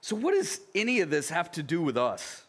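A man's voice: on the high side, wildly swooping pitch, a little fast, fairly bright tone. A middle-aged man pastor preaching a sermon in a conversational way, reading scripture aloud and then explaining it.

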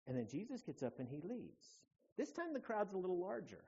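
A male pastor preaches in an animated storytelling way, swinging from hushed to loud. His voice sits a bit higher than most men's. The recording sounds dull and lo-fi. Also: brisk, breathy edge. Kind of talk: sermon.

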